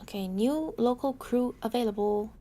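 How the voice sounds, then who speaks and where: Mellow-voiced woman musing over a game. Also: on the high side, moderate pace, faint music behind. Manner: hesitant, musing, many "um"s. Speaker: game streamer. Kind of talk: casual gameplay commentary.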